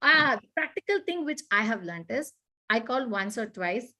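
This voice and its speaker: A woman talks through parenting advice in a conversation. She is earnest and animated, often acting out what parents and children say. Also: on the high side, moderate pace. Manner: earnest, repetitive, animated explaining with acted-out examples. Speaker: parenting expert guest.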